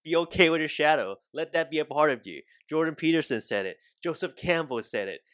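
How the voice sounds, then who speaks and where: A man's voice: a little high, lively intonation, a little fast, fairly bright tone, dry recording, studio quality. Blunt man chatting, laughing easily. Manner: blunt, laughs through talk, swears. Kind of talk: casual chat.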